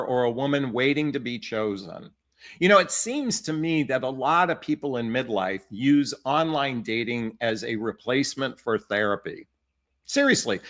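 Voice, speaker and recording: A man's voice: fairly high pitch, a bit bright. A man giving dating advice as a coach, emphatic and repeating his key phrases. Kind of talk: advice talk to camera.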